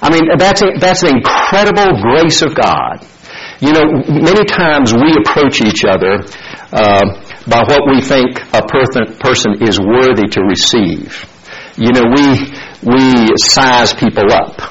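A man's voice: mid-range voice, lively intonation, unhurried, a bit bright, dull audio, slight background noise. A male pastor reading scripture and then preaching, telling stories in a folksy way with many fillers and repeated words.

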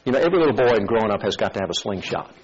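Husky-voiced man preaching a sermon. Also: lowish voice, rapid-fire, muffled recording. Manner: animated, acts out story voices. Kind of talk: sermon with storytelling.

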